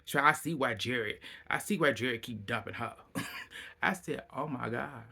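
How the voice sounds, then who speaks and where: A man giving a casual, animated recap of a reality show, laughing often and speaking bluntly with plenty of profanity. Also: medium pitch, unhurried, gravelly, husky.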